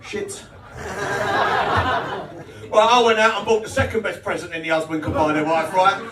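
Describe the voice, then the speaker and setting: At a small social club comedy night, a middle-aged comic from Britain with a British English accent delivers crude, cheeky material at normal speed, his voice sitting high. He often laughs at his own jokes and trades banter with the audience. The audio is roomy and taken from a distance, with crowd noise and laughter behind him.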